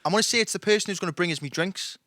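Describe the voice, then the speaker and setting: A young man talking quickly in a fairly high, bright voice. He is a musician guest in a casual live interview, cracking jokes and telling stories with loose, swearing banter. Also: no echo, studio quality. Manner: chatty, jokey storytelling with swearing.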